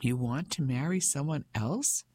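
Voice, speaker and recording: A man's voice: medium pitch, unhurried, dark tone, dry recording, natural voice. A man reading a proud, cold English wife. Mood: incredulous. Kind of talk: audiobook character voice.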